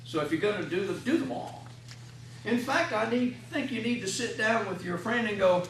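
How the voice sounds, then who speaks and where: A man's voice: high-pitched, animated, moderate pace, fairly bright tone, a little hiss or hum. A man, a hospital chaplain instructor, giving a classroom lecture in a folksy way and acting out patients and families in little scenes. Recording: echoey room, mic at a distance.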